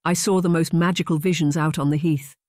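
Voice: medium pitch, steady tone, a little fast, darkish tone, dry recording, close to an everyday voice. Young English heroine in a storybook romance, gushing and imaginative, voiced by the narrator; dry booth sound. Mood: eager.

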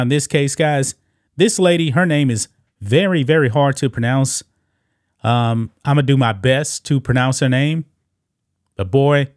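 A man's voice: mid-range voice, dry recording, clean studio sound. A man hosting casual political commentary, mocking and talking straight to his viewers. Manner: mocking, addresses viewers as guys.

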